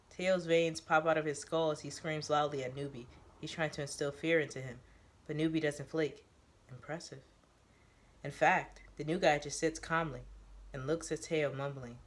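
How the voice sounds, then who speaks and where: A man narrates a story in the first person, reading it aloud. His voice sits a little high for a man, and he moves through the scene in a steady, descriptive way. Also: moderate pace.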